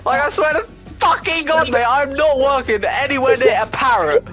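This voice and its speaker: A man's voice: extremely high pitch, moderate pace, music in the background. A young man chatting casually, telling rowdy, sweary stories with lots of energy. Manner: rowdy, sweary, animated storytelling. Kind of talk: casual chat.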